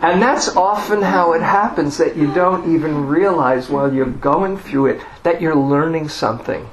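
A man giving a dharma talk as a meditation teacher, telling a personal story in an unhurried way with self-deprecating humor. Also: a little high, a crowd in the background, poor audio.

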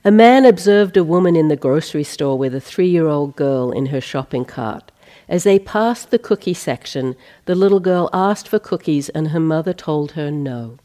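A middle-aged woman meditation teacher giving a dharma talk on retreat, telling stories in a gentle, unhurried way with light humor. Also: deep voice, expressive.

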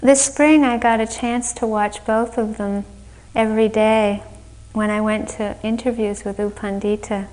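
Slow, gentle woman meditation teacher. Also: on the high side, fairly even intonation, rough recording. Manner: slow, gentle and reflective, laughing warmly at her own story. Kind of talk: dharma talk. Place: retreat center meditation hall.

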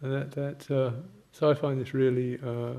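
An older man, a Buddhist monk, giving a gentle, halting reflective talk with anecdotes and soft laughs. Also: mid-range voice, level tone.

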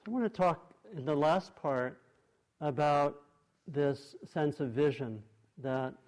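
A man teaching meditation, giving a dharma talk to a group in a meditation hall, thoughtful and unhurried, with frequent pauses and restarts. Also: fairly high pitch, a little mellow.

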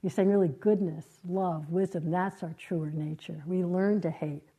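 Soft-spoken woman giving a dharma talk. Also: fairly low pitch, steady tone, breathy edge, low-quality recording. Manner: gentle, reflective, halting phrasing. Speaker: meditation teacher. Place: meditation hall.

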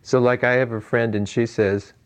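A man teaching meditation in an informal dharma talk. He muses aloud, chuckles between points, and fills his pauses with "you know.". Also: mid-range voice, fairly even intonation.

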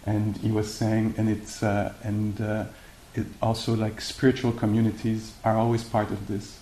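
A man giving a meditation talk and answering questions, speaking haltingly with many fillers and restarts. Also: lowish voice, monotone, dark tone. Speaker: meditation teacher. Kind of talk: dharma talk and Q&A. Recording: echoey room with faint hiss.

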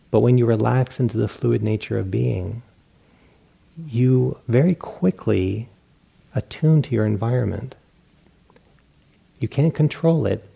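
A middle-aged man teaching meditation in a relaxed dharma talk, poking fun at himself and acting out his own inner voices. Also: mid-range voice, gravelly, husky. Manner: relaxed, self-mocking, acts out inner voices.

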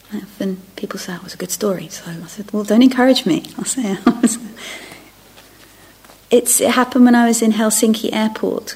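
Middle-aged woman giving a dharma talk, soft and half whispered, gravelly and husky, keeps restarting her sentences. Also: medium pitch. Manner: soft and reflective, often dropping to a near-whisper; self-interrupting, restarting phrases. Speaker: meditation teacher. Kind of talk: dharma talk to a retreat group.

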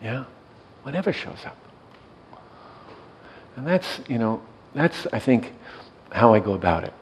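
Gravelly, soft-spoken man telling a story. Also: on the low side, sing-song, moderate pace, slight background noise, rough recording. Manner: soft-spoken, often checks in with "yeah?". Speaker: hospice worker and meditation teacher. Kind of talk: gentle storytelling in conversation.

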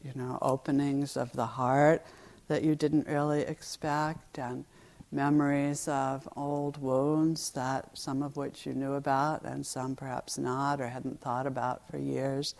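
A woman meditation teacher giving a dharma talk on retreat, telling a story in an unhurried, reflective way with gentle asides. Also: deep voice, gravelly.

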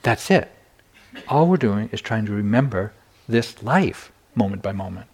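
A man's voice: on the low side, animated, a little slow, darkish tone. Older man giving a candid dharma talk. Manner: candid storytelling with self-deprecating humor. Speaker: meditation teacher.

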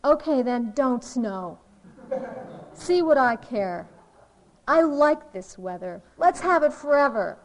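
A woman voicing a frustrated young cartoon boy who yells, pleads and bargains for snow. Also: high-pitched, animated, takes it slowly, exaggerated voice, rough recording. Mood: demanding, pleading.

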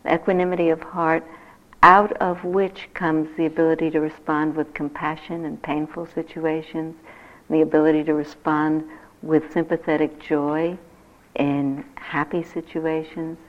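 An older woman, a meditation teacher, giving a gentle, reflective dharma talk that turns lively when she tells stories. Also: low voice, a little slow. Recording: dull lo-fi talk recording.

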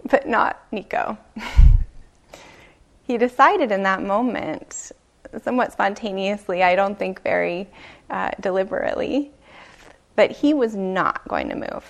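A woman meditation teacher giving a dharma talk, telling a story slowly and gently, with soft pauses. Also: mid-range voice, vocal fry. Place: retreat meditation hall.

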